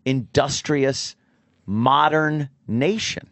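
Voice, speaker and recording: A man's voice: mid-range voice, extremely slow, vocal fry, a bit bright, dry recording. A man co-hosting a radio show, wry and sarcastic. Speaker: radio co-host. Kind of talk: casual radio chat.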